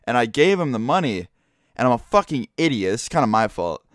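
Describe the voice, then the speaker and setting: A man's voice: mid-range voice, big pitch swings, brisk, no echo, clean studio sound. A teenage boy telling a casual storytime, rambling and profane, full of fillers. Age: teens.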